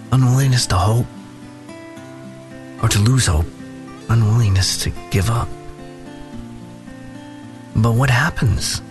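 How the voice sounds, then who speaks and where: A man giving a slow, thoughtful Bible devotional, telling personal stories. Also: on the low side. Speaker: devotional speaker.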